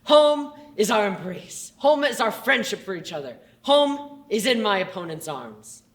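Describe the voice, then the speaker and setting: A grandiose boxer played by a young woman boasts in a deadpan, pompous way, her pitch swinging widely. The voice carries the echo of a school stage. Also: a little slow. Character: boastful deluded boxer at a press conference. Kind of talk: stage comedy acting.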